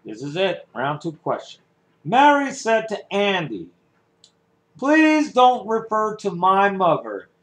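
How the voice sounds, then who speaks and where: A man performs a one-man game show parody, voicing every role himself, delivering announcer patter and humming the theme music in a playful solo imitation. His voice is high-pitched with huge swings in pitch, a bit bright, and he takes it slowly in a roomy-sounding space.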